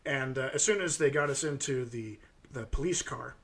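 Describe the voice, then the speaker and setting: Chatting casually on a podcast, a thirty-something American man co-hosts and tells meandering stories packed with ums. He has a mid-range, slightly bright voice and keeps a moderate pace.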